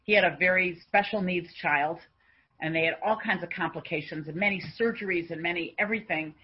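A woman giving a religious talk, telling a story in an earnest, unhurried way and then fervently urging her listeners. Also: lowish voice, breathy edge. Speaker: religious teacher. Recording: dull lo-fi recording.

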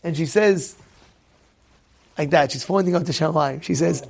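A man with a high, gravelly voice tells a casual story, full of energy. He keeps circling back, repeating words and restarting sentences as he goes. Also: moderate pace, pauses often, darkish tone. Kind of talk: casual anecdote.

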